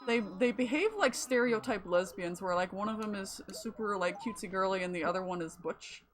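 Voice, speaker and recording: A woman's voice: medium pitch, brisk. A woman streaming a video game, chatting and rambling casually with the odd swear. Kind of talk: casual gameplay commentary.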